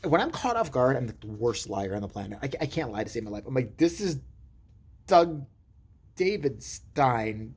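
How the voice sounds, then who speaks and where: A man's voice: mid-range voice, big pitch swings, fast, few pauses, breathy edge. A man giving a rambling, joking comic monologue to camera from inside a shop, drifting off on tangents. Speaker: vlogger. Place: adult store.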